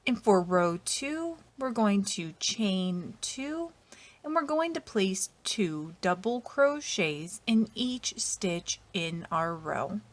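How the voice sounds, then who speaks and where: A woman narrating a step-by-step crochet tutorial in a patient, methodical way, often trailing off softly at the ends of lines. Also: mid-range voice, animated, slow pace. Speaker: crochet instructor.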